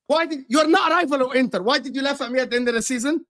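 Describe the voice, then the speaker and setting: Mocking football co-host, Arabic slang. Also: male voice, extremely high pitch, racing, fairly bright tone, no room sound, studio quality. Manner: mocking, laughs at his friend, swears, Arabic slang. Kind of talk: heated casual football banter.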